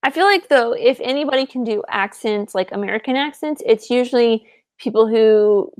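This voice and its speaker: A woman's voice: a little high, moderate pace, dry recording, studio quality. A woman co-hosting a podcast, chatting casually with lots of "like" fillers. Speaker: podcast co-host. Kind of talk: casual chat.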